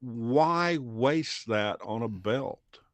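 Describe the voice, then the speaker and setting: A man co-hosting a podcast in casual chat. He talks enthusiastically and often drops low and quiet. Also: animated, drawn-out words, dry recording. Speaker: podcast co-host.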